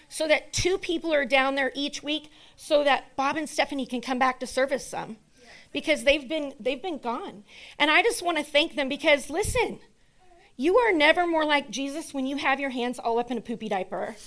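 A woman with a bright, high voice speaks to her church congregation in a hall. She is chatty and laughs easily as she thanks the volunteers one after another. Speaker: pastor's wife. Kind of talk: church announcements.

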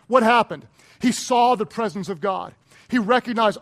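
A man with a notably high voice preaches a sermon. He swings from a soft, close hush to loud, hammering emphasis and leans on repetition for punch. He sounds like a church pastor working a congregation. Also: normal speed. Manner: impassioned, swings from hushed and intimate to loud and emphatic; repeats phrases for rhetorical punch.

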